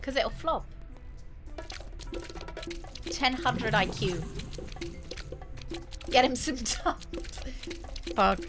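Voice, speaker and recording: A woman's voice: on the high side, animated, drawn-out words, long pauses. A woman casually commenting on a video game she is playing, playful, jokey and crude, often laughing and reading game lines aloud. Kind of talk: casual live-stream commentary. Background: game music.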